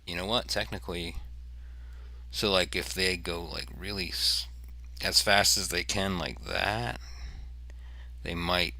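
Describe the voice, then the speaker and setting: Low gravelly man hosting a strategy game chat. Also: fairly even intonation, a little slow, long pauses, pushed and bright, no room sound. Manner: jokey, thinks aloud while explaining moves. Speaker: host. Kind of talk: casual strategy game discussion.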